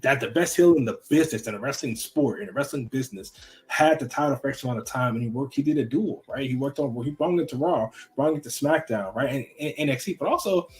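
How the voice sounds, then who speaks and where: A man guest on a podcast, talking earnestly and casually, repeating phrases as he goes. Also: fast. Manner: earnest, repeats himself, goes high when excited.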